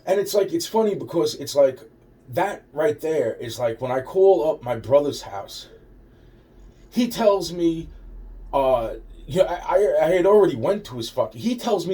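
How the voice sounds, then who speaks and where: A man's voice: fairly high pitch, expressive, normal speed, dark tone. A man telling a rambling personal story, swearing constantly and restarting his sentences. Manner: profane, rambling, full of restarts. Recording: voice distant from the mic.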